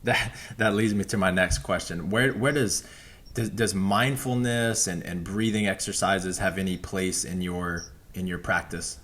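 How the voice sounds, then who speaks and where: A man's voice: low-pitched, a little slow, a bit bright. A man hosting a podcast interview, affirming and enthusiastic toward his guest. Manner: affirming and enthusiastic, frequent agreement. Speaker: podcast host.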